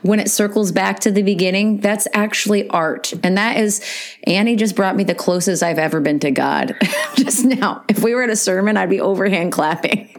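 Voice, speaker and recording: A woman co-hosting a podcast in casual chat, excitable and laughing through her words. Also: mid-range voice, moderate pace. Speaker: podcast co-host.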